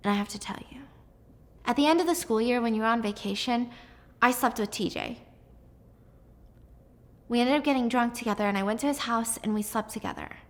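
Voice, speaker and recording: A woman voicing a guilty, tearful teenage girl who speaks quietly and pleadingly, in an echoing room. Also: fairly high pitch, a little fast, pauses often, close to an everyday voice. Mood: confessing. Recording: long echoey room reverb.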